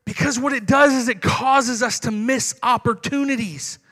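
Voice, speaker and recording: A man's voice: extremely high pitch, fairly even intonation, moderate pace, sharp tone. A young man preaching a sermon to his congregation in a conversational way, acting out little dialogues.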